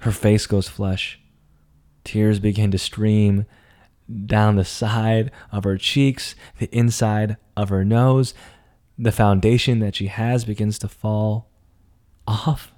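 A man's voice: lowish voice, flat delivery, takes it slowly. Dramatic young man telling a story. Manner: dramatic, swings between hushed and emphatic, profane. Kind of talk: personal storytelling monologue.

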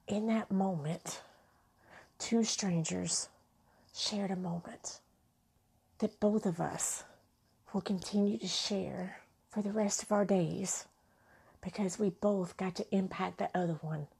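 A woman's voice: mid-range voice, vocal fry, a little mellow, slightly rough. A woman vlogger telling a personal story in an earnest, heartfelt way, with restarts.

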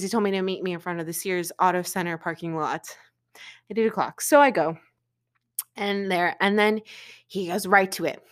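A young woman from Florida, co-hosting a podcast, telling a breakup story in casual chat with lots of filler words and swearing. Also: lowish voice. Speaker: podcast co-host.

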